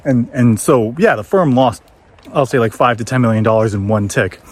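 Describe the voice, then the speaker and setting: A man speaking casually on a forest trail, his voice at a middle pitch. He tells an animated story while walking. He slips into high, exaggerated voices for the people he quotes. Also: moderate pace. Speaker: former trader telling a story.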